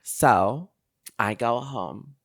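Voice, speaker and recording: A young woman co-hosting a podcast, telling a story in casual chat, animated and full of fillers and swearing. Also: extremely low pitch, very slow. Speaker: podcast co-host.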